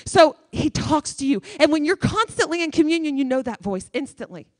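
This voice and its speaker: A woman guest speaker preaches in church with emphatic, repeated phrases. Her voice sits fairly high. The sound is dry and close, with little room echo. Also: expressive, brisk, a little mellow. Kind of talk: sermon.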